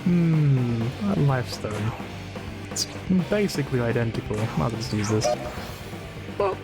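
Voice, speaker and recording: A man's voice: mid-range voice, expressive, measured pace. A man streaming a game, giving casual commentary while getting frustrated and swearing a lot. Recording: game music playing behind. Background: game music.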